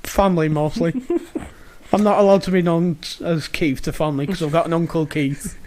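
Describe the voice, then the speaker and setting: A young man, co-hosting a podcast and telling sweary, animated stories in casual chat. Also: a little high, normal speed. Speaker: podcast co-host.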